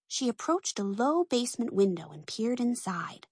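A narrator reads a children's story aloud, her slightly high, a bit husky voice swooping lively up and down at normal speed. The recording is close and dry, with no room sound.

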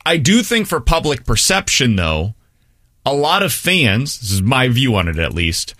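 A male sports radio host with a bright, forceful voice and dry studio sound. He argues his views at length and stops to put questions to his co-host. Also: medium pitch, big pitch swings, normal speed, no room sound. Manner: opinionated, thinks out loud.

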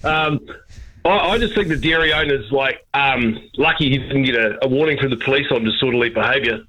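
A man's voice: medium pitch, fairly quick, sharp tone, poor audio. A middle-aged man with a New Zealand accent calling into a radio show, rambling and chuckling through a story. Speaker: caller. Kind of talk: phone-in call.

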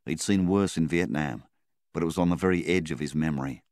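Very deep-voiced male story narrator. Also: brisk, a little mellow, no echo, clean studio sound. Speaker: story reader. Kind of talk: audiobook narration.

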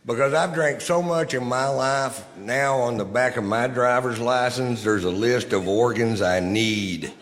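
A man doing deadpan stand-up, in a live club recording with reverb and noise. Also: mid-range voice, unhurried, hardly any pauses, crowd noise. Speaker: stand-up comedian. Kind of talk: stand-up storytelling.

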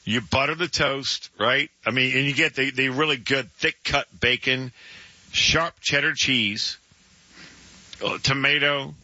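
Emphatic radio guy riffing on sports, lots of restarts, sharp bright voice, kinda dull lo-fi studio feel. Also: medium pitch, measured pace, no room sound. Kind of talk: casual sports radio banter. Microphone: studio microphone. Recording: dry, slightly dull radio studio sound.

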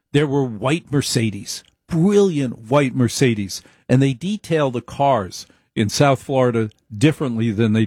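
A man's voice: medium pitch, a little mellow, husky, no room sound, studio quality. A man giving an opinionated monologue, emphatic, repeating his points and wandering into asides.

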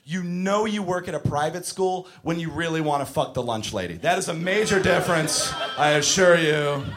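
A man doing a stand-up routine, profane and animated, shouting his punchlines. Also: a little high, moderate pace. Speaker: stand-up comedian.

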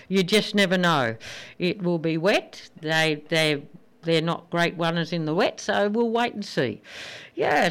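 A woman's voice: mid-range voice, fairly bright tone, smooth. A woman with an Australian accent hosting a radio show, chatting upbeat about sport and telling jokes. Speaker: radio host. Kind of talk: casual radio DJ chat.

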